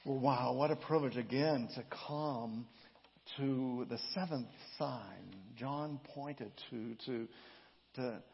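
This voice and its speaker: Here a pastor with a creaky, slightly rough voice of medium pitch delivers a sermon. He reads the scripture slowly and with emphasis, shaping it with his own dramatic inflection, and the recording carries the dull echo of a hall.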